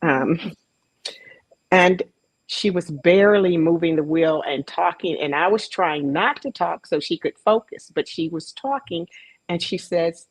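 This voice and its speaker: Low-pitched woman, slow storyteller, host introducing a guest; dry recording. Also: animated, slightly rough, no echo, poor audio. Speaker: panel host, track coach. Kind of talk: event introduction speech.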